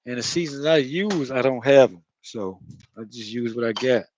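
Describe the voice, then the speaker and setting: A man's voice: medium pitch, moderate pace, a little mellow, a little hiss or hum. A man with a Florida accent chatting loosely while he cooks, rambling, laughing and swearing as he goes. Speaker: home cook. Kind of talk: casual cooking vlog talk.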